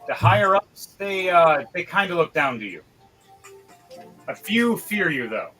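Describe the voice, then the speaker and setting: A man runs a tabletop game, narrating in a loose, chatty way that often doubles back on itself. His voice sits a little high and sounds bright and forceful. Soft music plays underneath. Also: big pitch swings, measured pace, low-quality recording. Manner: loose, conversational narration with frequent restarts. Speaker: game master.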